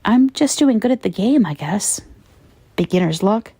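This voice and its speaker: A man's voice: sits high, lively intonation, normal speed, warm tone, no room sound. Woman doing a smug young gamer guy. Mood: taunting. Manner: taunting, sarcastic. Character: smug, mocking young male online gamer.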